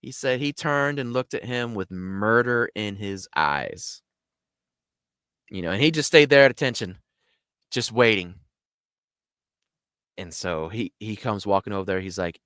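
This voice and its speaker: A man hosting a show, telling a story in a casual, animated way with lots of fillers. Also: on the low side, unhurried, pauses often, clear, resonant tone, no echo, clean studio sound. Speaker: host.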